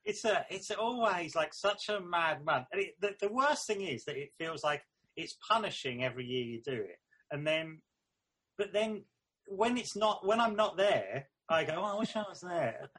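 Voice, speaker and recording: A man's voice: high-pitched, expressive, normal speed, a bit bright, husky. A man chatting casually, animatedly retelling an anecdote. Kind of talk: casual chat.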